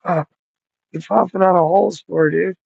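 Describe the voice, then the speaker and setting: A man's voice: high-pitched, steady tone, moderate pace, vocal fry, a little mellow, slightly rough, no room sound, muffled recording. A man in his thirties vlogging outdoors on a cold, rainy night, rambling and swearing freely as he thinks aloud. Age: 30s. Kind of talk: rambling casual vlog talk.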